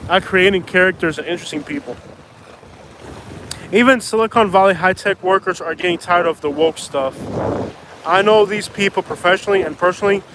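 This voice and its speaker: A man live streaming outdoors from a jetty, rambling casually and saying "bro" and "like" a lot. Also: sits high. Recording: wind noise on outdoor mic.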